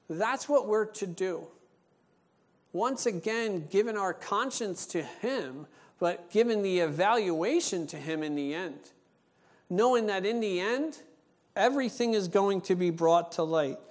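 A male pastor preaching a sermon, telling a story with lively acted-out dialogue, then slowing into an earnest teaching tone. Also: high voice. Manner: animated storytelling, acting out dialogue; slows down and turns earnest for teaching points.

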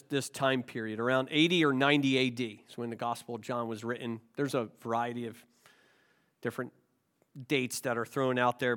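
A man's voice: mid-range voice, a bit bright. A male pastor with a cold, preaching a sermon with rhetorical questions and self-deprecating jokes. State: has a cold.

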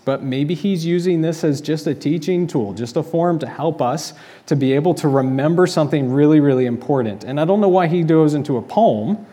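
A man's voice: a little high, dark tone. A man preaching a sermon as pastor, talking through the text in a conversational, explanatory way with rhetorical questions. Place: church sanctuary.

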